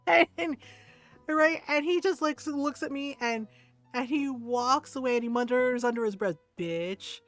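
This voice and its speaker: A woman's voice: sits high, fairly even intonation, measured pace, fairly bright tone. A woman streamer chatting casually while gaming, rambling with lots of fillers and asking "right?" often, over faint background music.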